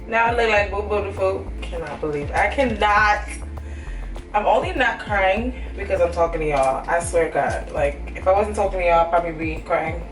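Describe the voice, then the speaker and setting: A woman's voice: mid-range voice, normal speed, recorded from a distance. A young woman and hairstylist talking candidly to camera in a casual vlog, chatty and full of "like". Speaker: hairstylist and vlogger. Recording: roomy echo, faint music.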